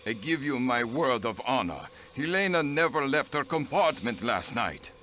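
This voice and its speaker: A man's voice: medium pitch, big pitch swings, moderate pace, pushed and bright, a little hiss or hum. An actor playing a haughty, cold male diplomat in a video game, speaking in clipped, dismissive lines. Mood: stiff. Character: haughty middle-aged male diplomat count.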